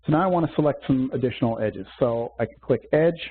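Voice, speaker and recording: A man teaching a software demo in a webcast, walking through steps methodically with small fillers. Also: mid-range voice, fast, slightly rough. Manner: methodical step-by-step explaining with fillers. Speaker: software instructor. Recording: tinny phone-like webcast audio.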